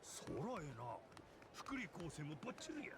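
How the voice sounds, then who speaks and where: A man's voice: on the high side, huge pitch swings, fast talker. An actor voicing a brash, easygoing middle-aged male pirate captain with a Kansai accent in a video game, drawling and teasing, with noise behind. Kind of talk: game voice acting.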